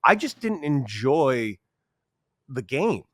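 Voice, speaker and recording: A man in his thirties, a podcast guest telling a story in a casual, animated way, acting out quotes with sudden jumps in voice. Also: slow pace, no echo, studio quality. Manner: animated, acts out quotes with big pitch jumps. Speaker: podcast guest, former baseball player.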